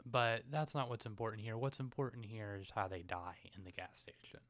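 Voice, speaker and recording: A man's voice: on the low side, a little fast, fairly bright tone, no echo. A man co-hosting a podcast, adding dry, joking remarks about a movie in a casual chat. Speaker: podcast co-host.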